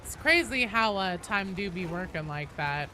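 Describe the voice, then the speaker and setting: Chatty young woman streamer, lively voice. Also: mid-range voice, moderate pace. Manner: chatty, reads and answers chat, swears casually. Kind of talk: casual live-stream chat while gaming. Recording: steady background noise behind voice.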